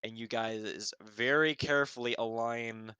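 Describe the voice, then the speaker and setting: Bright, crisp-voiced male game master. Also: mid-range voice, fairly even intonation, measured pace, dry recording. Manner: rambling with many fillers and restarts. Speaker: dungeon master. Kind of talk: narrating a tabletop game. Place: home setup, streamed live.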